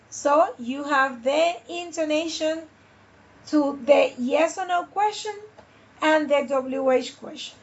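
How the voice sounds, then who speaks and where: High slow-paced woman teaching English. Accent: Spanish. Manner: repeats phrases slowly, switches between English and Spanish. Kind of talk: online class teaching. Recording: dull lo-fi sound.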